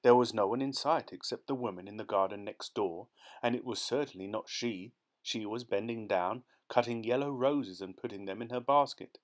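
Measured male audiobook narrator. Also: medium pitch. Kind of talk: scripted narration.

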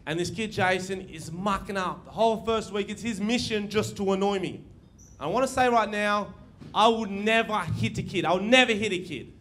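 A young man performs a crude stand-up set, his voice pitched high and brash. He laughs at his own jokes as he goes. The live recording carries clear audience noise underneath. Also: normal speed, fairly bright tone. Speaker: stand-up comedian. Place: comedy venue before a live audience.

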